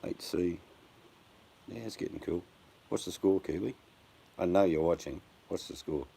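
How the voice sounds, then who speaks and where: An older Australian man chats casually on a live stream, blunt and jokey, calling his viewers by name. His voice is deep, gravelly, and mellow at a normal pace, with faint background noise in the recording.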